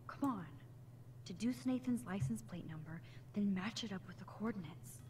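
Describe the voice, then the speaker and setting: A woman's voice: mid-range voice, lively intonation, normal speed, dark tone, a little hiss or hum, close to an everyday voice. A woman voicing a teenage girl in a video game who pieces together clues with dry, sarcastic asides. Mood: musing. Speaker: game character.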